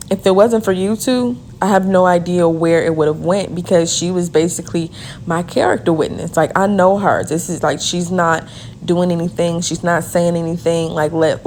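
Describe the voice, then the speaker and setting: A woman telling a personal story in an earnest way, with quick repeated phrases. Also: lowish voice, darkish tone, slight background noise. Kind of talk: emotional first-person storytelling.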